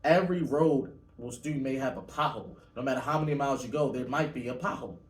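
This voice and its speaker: A man's voice: mid-range voice, quick pace. Guy on a podcast, laid-back and opinionated, mid voice, echoey room, far from the mic. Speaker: podcast co-host. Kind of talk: casual podcast chat. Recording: roomy, distant mic.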